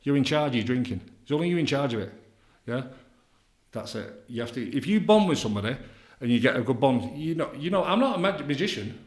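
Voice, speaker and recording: A man's voice: mid-range voice, lively intonation, fast talker. A middle-aged man, a counsellor talking bluntly in a casual podcast interview, repeating himself and leaning on tag questions. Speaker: addiction counsellor guest. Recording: roomy echoey room.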